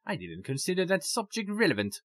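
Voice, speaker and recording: A man reading out the game's narration as a reserved, observant gentleman, in a measured delivery. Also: high-pitched, huge pitch swings, dry recording, voice pushed up. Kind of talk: reading game narration aloud.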